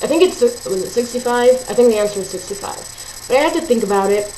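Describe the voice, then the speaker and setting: A woman's voice: fairly high pitch, animated, quick pace, dark tone. A teenage girl telling a ranting story at home, chatty and exasperated, with lots of "like" and "um". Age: teens. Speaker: vlogger. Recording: roomy echo, faint hiss.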